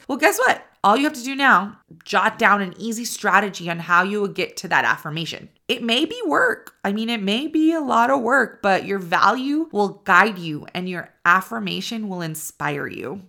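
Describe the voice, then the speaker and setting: A woman with a mid-range, sharp-toned voice and vocal fry hosts her own motivational podcast. She talks candidly and encouragingly, swearing casually.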